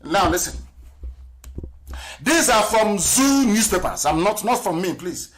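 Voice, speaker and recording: A man's voice: high voice, expressive, measured pace, a little hiss or hum. A middle-aged man, giving an impassioned live radio lecture. He asks rhetorical questions and spells words out letter by letter. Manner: rhetorical, spells words out letter by letter, swings between loud and hushed. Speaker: political broadcaster.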